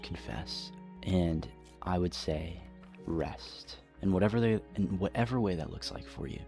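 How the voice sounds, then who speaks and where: A young man giving an earnest, confessional devotional talk to camera, pausing softly as he shares. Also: low-pitched, creaky, soft background music. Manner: earnest, confessional, with soft pauses. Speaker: Christian vlogger.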